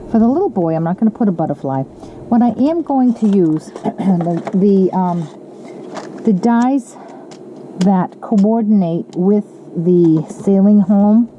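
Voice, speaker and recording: A woman's voice: medium pitch, lively intonation, slow pace, warm tone. A woman casually demonstrating card making, chatty, with frequent ums and self-corrections. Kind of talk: casual craft tutorial. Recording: lo-fi with audible background noise.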